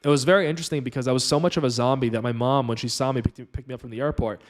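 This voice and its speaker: Fast-talking man telling his own story. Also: mid-range voice, fairly even intonation. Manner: rambling, earnest retelling with lots of fillers. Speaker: channel host. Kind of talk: personal storytelling to camera.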